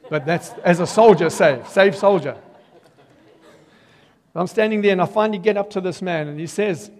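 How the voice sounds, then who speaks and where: An older man gives a testimony sermon in a large hall whose long reverb trails his high-pitched voice. He speaks at normal speed as an animated storyteller, acting out quotes with bursts of loud emphasis.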